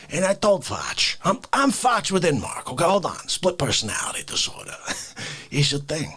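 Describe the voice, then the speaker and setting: A man hosting an unscripted comedy livestream, ranting with wild swings between whispers and shouts and frequent laughter. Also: sits high, wildly swooping pitch, measured pace, slightly rough. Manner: wildly swinging delivery, dropping to whispers and bursting into shouts, laughing.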